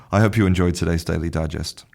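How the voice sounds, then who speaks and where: A man's voice: low-pitched, expressive, normal speed, gravelly, noisy background. A man hosting a language podcast, teaching pronunciation in a casual, thinking-aloud monologue with frequent restarts and chuckles.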